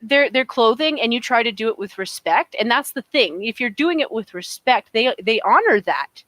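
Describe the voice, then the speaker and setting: Animated opinionated woman, high voice. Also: moderate pace, no echo. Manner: animated, emphatic, with frequent restarts. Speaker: podcast co-host. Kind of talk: casual opinionated chat.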